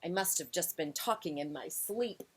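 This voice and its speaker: A fussy old grump of a bear who cannot bear a sound at bedtime, as a woman voices him in a storybook. He huffs out stern, theatrical complaints. His pitch swings widely from grumble to wail. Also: animated, moderate pace, breathy edge.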